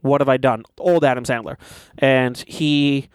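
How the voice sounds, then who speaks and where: A man's voice: mid-range voice, measured pace, smooth, no echo. A young man chatting casually, retelling a movie with lots of swearing and acted-out quotes. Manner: animated, swears often, acts out quotes.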